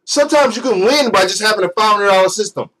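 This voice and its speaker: A young man, high-voiced, rants in exasperation, swearing constantly. His delivery is sarcastic and heated, like a gaming vlogger venting at his audience. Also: fast, a bit bright, rough recording. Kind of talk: angry rant.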